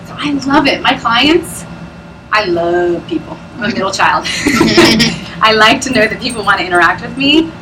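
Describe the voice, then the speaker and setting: A woman's voice: mid-range voice, expressive, normal speed, far from the mic, heavy background noise. A woman presenting at a business opportunity meeting, chatty and bubbly, often laughing as she talks to a live audience. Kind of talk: sales pitch talk to a live audience.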